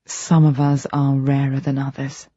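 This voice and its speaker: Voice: mid-range voice, monotone, unhurried, mellow, no echo, close to an everyday voice. A narrator voicing a surly, provocative teenage boy who talks back defiantly. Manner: sneering and defiant. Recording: dull lo-fi recording.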